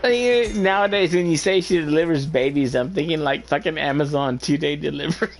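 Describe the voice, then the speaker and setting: A man's voice: fairly high pitch, brisk, gravelly, a little hiss or hum. A man bantering crudely as a streamer co-host, joking and laughing often while he plays. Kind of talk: casual gaming-stream banter.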